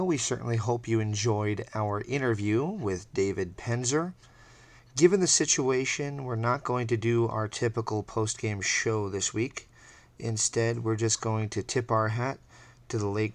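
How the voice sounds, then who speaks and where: A man hosting a radio show who gives his opinions in a direct way. His voice sits low. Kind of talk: scripted show commentary.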